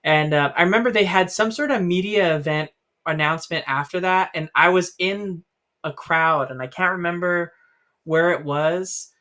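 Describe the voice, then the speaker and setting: Man, livestream co-host, bright tense tone, rambling anecdotes, lots of fillers. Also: high voice, normal speed. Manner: rambling storyteller with many fillers and little laughs. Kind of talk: casual livestream chat.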